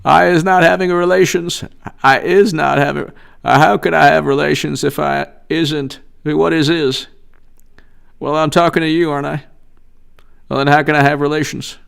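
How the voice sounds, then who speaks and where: A man's voice: on the high side, steady tone, normal speed, gravelly, a bit bright, clean tone. A man putting on an impression of a folksy older politician, drawling and dodging questions with mangled grammar. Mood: evasive. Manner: drawling, evasive, ungrammatical.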